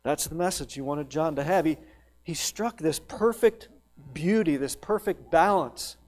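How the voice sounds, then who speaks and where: Slow, emphatic male preacher. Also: a little high. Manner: emphatic, swings from loud rising peaks to soft hushed questions; slow, drawn-out delivery on lists. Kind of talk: sermon.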